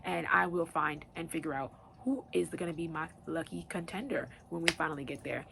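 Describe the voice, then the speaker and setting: A woman's voice: low voice, steady tone, a little fast, vocal fry, background noise. A young woman hosting a casual Q&A vlog, chatty and loose with lots of fillers. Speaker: vlog host.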